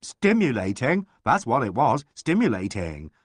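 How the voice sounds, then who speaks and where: A man's voice: fairly high pitch, very animated, measured pace, no room sound, clean studio sound, voice pushed up. A man voicing an eager, theatrical young man in an audiobook, hearty and gushing. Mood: excited.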